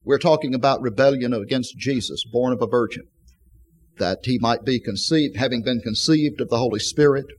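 A man's voice: mid-range voice, moderate pace. A male preacher delivering a sermon, reading scripture verses aloud with emphasis and explaining them.

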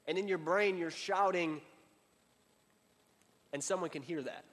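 Speaking a little slowly in a voice on the high side, a male pastor delivers a conversational sermon with a long reverb tail behind him. Fillers and restarts run through his talk as he builds up, then falls to a quiet emphasis.

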